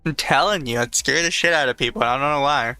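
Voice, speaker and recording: Pria bersuara cerah, santai bercanda. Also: male voice, mid-range voice, fast talker, pushed and bright, clean tone, no echo, soft background music. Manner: joking, laughs often. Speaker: podcast co-host. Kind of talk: casual chat.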